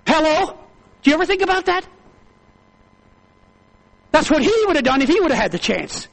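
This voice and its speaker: A man preaching a sermon with fervent, repetitive delivery that climbs into loud, high-pitched exclamations. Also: big pitch swings, normal speed, gravelly, rough recording.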